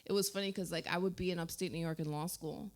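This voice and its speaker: A woman's voice: fairly low pitch, fairly even intonation, quick pace. A woman in her thirties from New Jersey, hosting a casual radio chat show in a studio, talking loosely with lots of "like" and frequent laughs. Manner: chatty, heavy use of "like", laughs often. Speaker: host.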